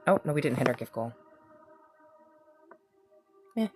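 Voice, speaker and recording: A low-pitched woman leads a casual reiki healing livestream, gushing affection at her viewers and cursing freely as she goes. Soft music plays faintly in the background. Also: expressive, unhurried. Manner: effusive, affectionate and swearing freely. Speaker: reiki practitioner hosting a livestream.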